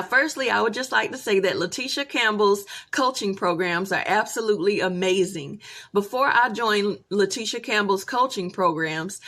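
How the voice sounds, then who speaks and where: A woman's voice: medium pitch, fairly bright tone. A woman who founded a business, giving an upbeat, scripted testimonial for a coaching program. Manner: upbeat and promotional.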